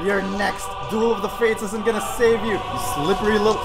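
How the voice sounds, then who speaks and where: A man doing loud, excitable gameplay commentary with friends, swearing and yelping as he plays. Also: high-pitched, a little fast. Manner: loud, excitable, swearing, bursts into yelps and jokes. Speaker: gaming video host. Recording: game music behind voice.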